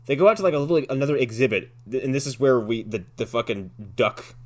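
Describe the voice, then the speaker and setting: A man's voice: medium pitch, expressive, quick pace. A man co-hosting a casual movie review podcast, rambling and swearing freely as he recaps scenes. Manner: rambling, profane, restarts often. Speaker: podcast co-host.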